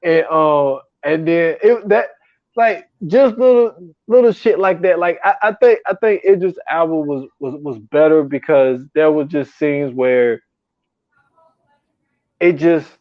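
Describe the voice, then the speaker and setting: A man with a slightly high voice chats casually about a film, full of slang and laughter. He retells scenes by slipping into quoted voices. The sound is dry and a little muffled. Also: measured pace, dry recording. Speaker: podcast co-host. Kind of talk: casual chat.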